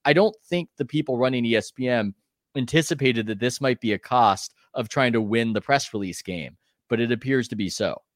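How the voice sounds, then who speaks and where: A man, a sports reporter guest on a podcast, telling stories in a chatty way with quick asides and restarts. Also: medium pitch, dry recording, studio quality. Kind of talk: conversational podcast interview, storytelling.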